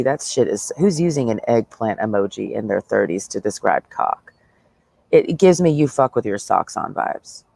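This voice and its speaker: A woman's voice: rumbling low, vocal fry, darkish tone, no room sound. A woman livestreaming a blunt, profane, sarcastic rant, talking straight at her listeners. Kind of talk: ranting livestream monologue.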